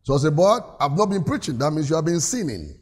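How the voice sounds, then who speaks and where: A man's voice: on the high side, big pitch swings, fast talker. Preaching man with a raised voice. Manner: preaches with call-and-response, reads scripture aloud. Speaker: pastor. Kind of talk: sermon. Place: church.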